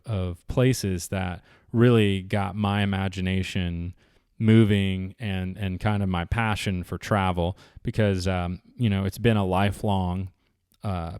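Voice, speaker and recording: Man, fairly low voice, chatty and rambling, casual vlog. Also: a little mellow, clear, resonant tone, no room sound, clean studio sound. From Southeastern United States. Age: 40s. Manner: rambling, chatty, with many restarts and fillers. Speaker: vlogger. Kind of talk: casual storytelling.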